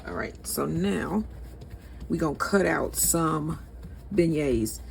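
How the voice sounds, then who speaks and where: A woman's voice: low voice, lively intonation, slow pace, vocal fry. Woman, St. Louis accent, home cook, chatty, laughs at herself, noisy kitchen recording. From St. Louis, USA. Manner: chatty, addresses viewers as y'all, laughs at herself. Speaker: cooking channel host. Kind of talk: casual cooking demonstration.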